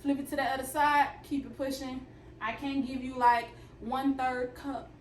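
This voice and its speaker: Young woman, Southern accent, high voice, playful and chatty, cooking vlog, roomy kitchen. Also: little pitch movement, normal speed, far from the mic, a little hiss or hum. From Alabama. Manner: chatty, playful, talks straight to viewers. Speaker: fitness and cooking vlogger. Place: home kitchen. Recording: roomy kitchen audio, mic set back.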